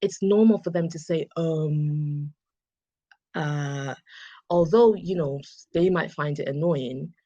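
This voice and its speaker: A woman's voice: deep voice, takes it slowly, warm tone, dry recording, muffled recording. A woman from England with a Southern English accent, chatting casually and reassuringly as an English tutor on a video call. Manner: chatty, reassuring, puts on playful mock voices. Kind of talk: casual online tutoring chat.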